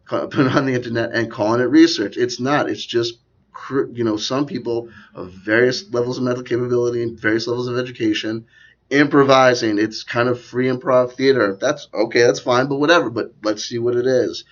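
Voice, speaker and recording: A man delivering a rambling, sardonic commentary with frequent asides, recorded in a dull lo-fi quality. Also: mid-range voice. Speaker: video commentator. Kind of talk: rambling conspiracy commentary vlog.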